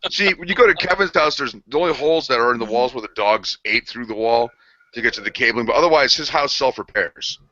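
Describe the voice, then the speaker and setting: A young man cohosting a podcast chats quickly, and his voice sounds bright and forceful. He tells stories with a lot of energy and swears casually. The recording is dull and lo-fi. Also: mid-range voice. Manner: animated storytelling, swears freely. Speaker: podcast co-host. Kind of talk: casual banter.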